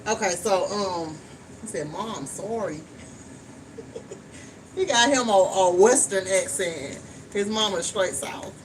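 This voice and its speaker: A woman with a drawl talks frankly and casually, swearing now and then as she cooks in her kitchen. She sounds a little distant from the microphone. A clear layer of background noise runs under her voice. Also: medium pitch, takes it slowly, long pauses. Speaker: vlogger. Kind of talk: casual chat while cooking. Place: home kitchen.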